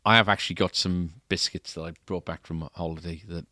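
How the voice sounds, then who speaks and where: A man's voice: low-pitched, fairly even intonation, quick pace, pushed and bright, no room sound, clean studio sound. A man co-hosting a casual shop podcast, chatty and rambling, laughing easily. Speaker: podcast co-host, guitar shop staff. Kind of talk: casual chat.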